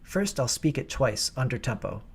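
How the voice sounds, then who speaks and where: A man's voice: medium pitch, big pitch swings, normal speed, vocal fry, husky. A man coaching choir singers in a recorded rehearsal lesson, explaining diction precisely and patiently.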